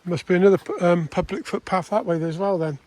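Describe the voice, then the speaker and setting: A man's voice: high voice, fast talker, a little mellow. An older man chatting casually as he walks through the countryside filming, rambling with restarts. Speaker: vlogger. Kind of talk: casual walking commentary. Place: outdoors in countryside.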